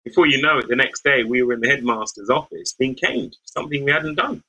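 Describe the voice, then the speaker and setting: A man's voice: medium pitch, animated, fairly quick, bright, forceful tone, poor audio. A middle-aged man from the West Midlands, a lawyer, recalling his youth in a thoughtful, searching interview manner. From English West Midlands. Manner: thoughtful, searching, with frequent restarts and light laughs. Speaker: lawyer and podcast guest. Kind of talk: reflective interview storytelling.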